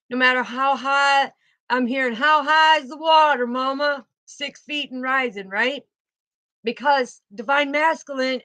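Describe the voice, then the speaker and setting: A woman's voice: high-pitched, pushed and bright, dry recording. A woman giving an emphatic spiritual tarot reading and repeating her key phrases. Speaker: tarot card reader.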